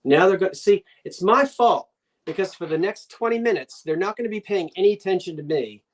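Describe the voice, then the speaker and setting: A woman's voice: mid-range voice, lively intonation, fairly quick. An older woman with a New Jersey accent, hosting a live online antiques sale in a chatty, rambling way, talking to herself and her viewers as she goes.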